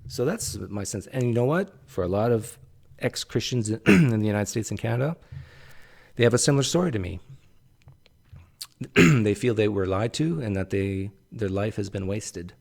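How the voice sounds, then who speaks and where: A man with a strained, tiring voice giving casual commentary, clearing his throat often and dropping sarcastic asides. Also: fairly low pitch, animated, moderate pace, darkish tone. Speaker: channel host critiquing a recorded conversation.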